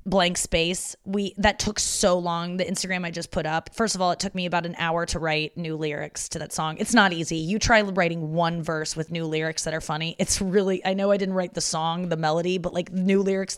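A woman's voice: on the low side, smooth, no room sound, clean studio sound. A young woman hosting a casual solo podcast, chatty and confessional, with lots of filler words. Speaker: podcast host. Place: her parents' house.

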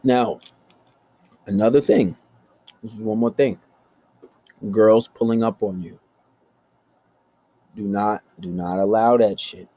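A man's voice: fairly low pitch, fairly even intonation, takes it slowly, long pauses, warm tone. A man hosting a blunt relationship-advice rant, talking aggressively and swearing constantly. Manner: aggressive, blunt, heavy cursing. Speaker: host.

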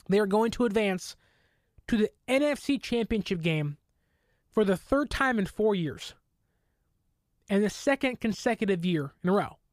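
Excitable fan talking football. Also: female voice, mid-range voice, no room sound, clean studio sound. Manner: excitable, rambling fan talk with many fillers; mock voices for quoted people. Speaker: sports podcast host. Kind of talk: casual sports commentary.

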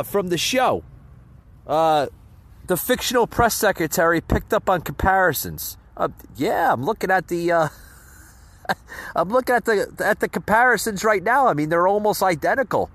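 A man's voice: on the high side, fairly bright tone. A man hosting a casual political commentary podcast, rambling and stumbling over his words with frequent chuckles. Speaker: podcast host. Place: near a road with passing cars.

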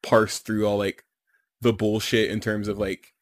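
A young man co-hosting a podcast, laid-back and quick to laugh as he chats casually about a manga. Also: lowish voice, flat delivery. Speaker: podcast co-host. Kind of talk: casual chat recapping a manga.

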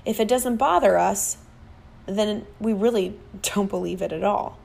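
A woman with a noticeably fried, gravelly edge to her voice gives a motivational talk. Her delivery is emphatic, and she sometimes acts out the voices of other people. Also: mid-range voice, a little slow, darkish tone. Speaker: motivational speaker.

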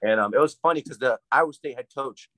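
A young man, a college wrestler, chatting fast and hyped in a casual interview, rambling with lots of fillers. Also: medium pitch, fairly bright tone, dry recording, poor audio. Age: young adult.

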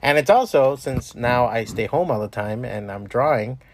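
A man's voice: medium pitch, normal speed, a little hiss or hum. A man hosting a podcast from home, talking in a loose, profane, rambling way with many restarts. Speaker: podcast host. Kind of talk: casual rambling monologue.

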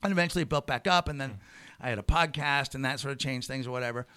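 A middle-aged man, a comedian guest, telling a rambling, animated story in casual chat and swearing freely. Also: mid-range voice, fast talker, smooth, no echo, studio quality.

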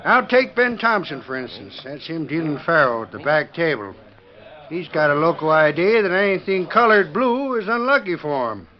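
Knowing frontier townsman, chatty, a bit high-voiced, old radio. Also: very animated, normal speed. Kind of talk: 1940s radio acting. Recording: dull old radio recording.

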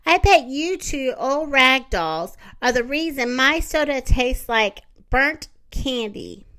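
A woman's voice: sits high, lively intonation, slow pace, pushed and bright, full character voice. Woman reading storybook prankster, little long-nosed man, taunting, drawn out. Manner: taunting, mocking laughter.

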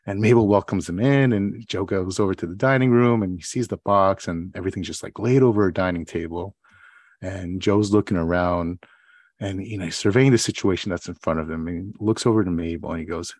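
A man's voice: sits low, fairly quick, a little mellow, no echo. A man co-hosting a podcast, talking loosely with plenty of fillers and restarts. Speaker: podcast co-host. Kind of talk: casual podcast chat and mock oral exam.

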